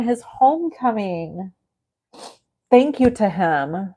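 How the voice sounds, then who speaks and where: Here the crafting livestream host, a middle-aged woman, speaks a little slowly in a low, darkish voice. While working, she talks with her viewers in an effusive, gushing manner.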